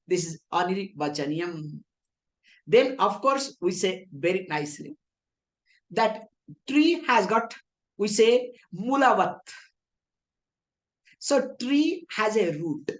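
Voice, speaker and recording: A woman teaching scripture, often asking rhetorical questions and answering them herself, with playful teasing asides. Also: medium pitch. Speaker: spiritual teacher. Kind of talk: scripture lecture in English.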